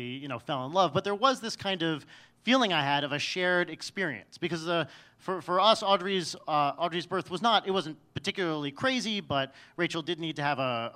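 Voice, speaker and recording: A man's voice: a little high, pushed and bright. A man telling a personal story on stage in a wry, self-mocking way, often restarting his sentences.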